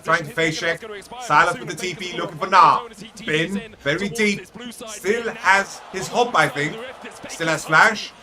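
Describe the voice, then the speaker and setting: A man streaming live reaction commentary on an esports final, calling plays in rapid, excitable bursts. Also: high-pitched. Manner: rapid, excitable play-by-play that breaks into shouts. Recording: loud arena crowd from the broadcast. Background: match broadcast with casters and cheering crowd.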